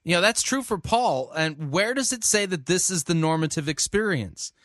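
In critical commentary on a sermon, a man sounds skeptical and challenging, parroting the preacher's phrases back to question them. His voice is high-pitched, expressive and fairly bright at a normal speed, captured as clean studio sound with no room sound.

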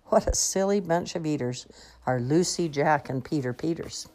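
A woman's voice: sits low, normal speed, a little mellow, natural voice. A woman voicing a weary, patient mother of seven, speaking in fond, sing-song rhyming sighs.

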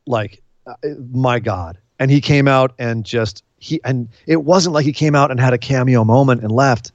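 A man co-hosting a podcast in a casual recap chat, excitable and emphatic, sometimes choked up. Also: medium pitch, normal speed, no room sound, dull audio. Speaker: podcast co-host.

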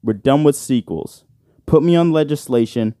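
Man, solo podcast host, rambling, swears a lot, says bro, mellow tone, dry studio mic. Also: medium pitch, moderate pace, no room sound. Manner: rambling, profane and joking, with frequent "bro". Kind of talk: casual solo podcast chat. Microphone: side-address studio microphone.

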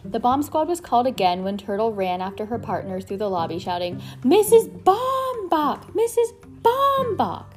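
Brief: woman narrator reading a chapter book aloud, steady pace, faint music under. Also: medium pitch, fast talker. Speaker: reader. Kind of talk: reading a children's novel aloud.

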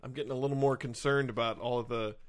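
A man's voice: mid-range voice, steady tone, fast. A man co-hosting a comedy podcast, trading puns and playfully paranoid asides in casual banter. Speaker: podcast co-host.

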